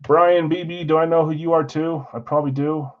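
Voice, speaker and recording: On a live card break stream, a male host runs through names and teams in a relaxed, friendly roll-call, muttering side comments as he goes. His voice sits a bit high and stays even, moving slightly quickly. The audio is thin and tinny.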